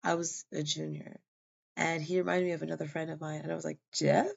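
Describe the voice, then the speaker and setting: Tired woman, heavy vocal fry, rambling personal story, lots of fillers, dull lo-fi recording. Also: deep voice, little pitch movement, quick pace. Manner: rambling, many fillers and restarts. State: tired, yawning. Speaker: vlogger sharing a personal testimony.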